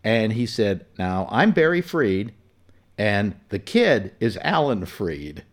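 A man's voice: on the low side, sing-song, takes it slowly. A man telling a personal story in casual, rambling fashion, full of fillers and self-corrections. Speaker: storyteller recalling personal memories.

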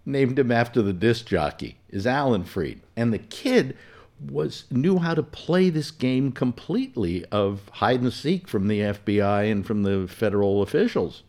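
A man's voice: medium pitch, lively intonation, measured pace, a little mellow. A man telling a personal story in casual, rambling fashion, full of fillers and self-corrections. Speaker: storyteller recalling personal memories.

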